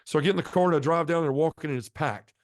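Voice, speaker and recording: Fast-talking, earnest middle-aged man. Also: on the high side, no room sound, studio quality. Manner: earnest, heartfelt storyteller. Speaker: guest sharing a conversion testimony. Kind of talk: emotional personal testimony.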